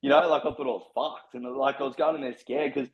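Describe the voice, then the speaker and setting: A man's voice: medium pitch, fairly even intonation, fast, highs cut off. An Australian man telling his story as a podcast guest, blunt and full of slang and swearing. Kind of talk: casual storytelling.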